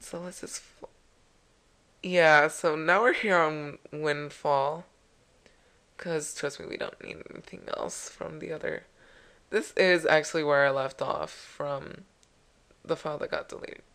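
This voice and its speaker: A woman's voice: low-pitched, creaky, a bit bright. A woman hosting a let's play, chatting casually and jokingly over the game. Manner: chatty, jokey, rambling. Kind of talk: casual gameplay commentary.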